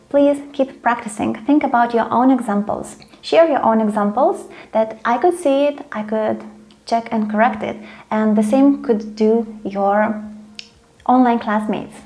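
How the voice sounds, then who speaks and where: A woman teaches a grammar lesson. Her voice sits a little high but sounds soft and mellow. She explains step by step and keeps checking that the students follow. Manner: patient, checks in with frequent "okay?" and "right?". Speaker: English teacher.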